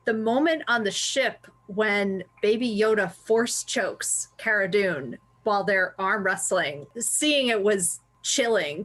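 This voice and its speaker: A woman's voice: mid-range voice, fairly bright tone. A woman co-hosting a casual review podcast, talking with enthusiasm and analysis and laughing often. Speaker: podcast co-host.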